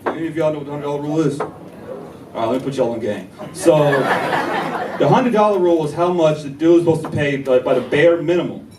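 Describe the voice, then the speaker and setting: A young man from North Carolina, performing a stand-up comedy set with animated storytelling and banter with the audience. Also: on the high side, fast, background noise. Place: comedy club stage. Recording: echoey club taped from far. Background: laughing live audience.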